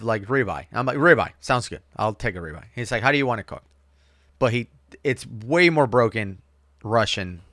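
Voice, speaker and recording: A man's voice: medium pitch, dry recording, studio quality. A man co-hosting a casual chat show, telling a story with jokes and exaggeration. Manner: animated storyteller, joking and exaggerated. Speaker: co-host.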